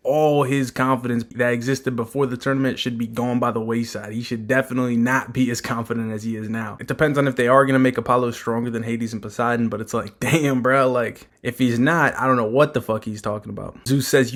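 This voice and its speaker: A man's voice: medium pitch, fairly quick. A man giving a casual, slangy and profane breakdown of a manga chapter as a commentator.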